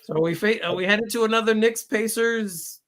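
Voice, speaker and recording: A man's voice: high-pitched, normal speed, a bit bright. A man hosting a casual sports podcast, talking in a rambling, reflective way and often correcting himself mid-sentence. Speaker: podcast host. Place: home studio on a live stream.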